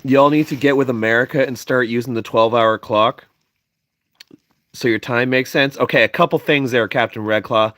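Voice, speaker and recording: A man's voice: mid-range voice, steady tone, normal speed, fairly bright tone, no room sound. A sleepy young man hosting a casual stream, reading chat in a playful, teasing way.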